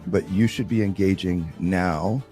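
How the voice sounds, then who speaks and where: A man's voice: sits low, a little slow, darkish tone, faint music behind. A man talking earnestly in a conversation and repeating key points for emphasis. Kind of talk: conversational talk on spiritual warfare.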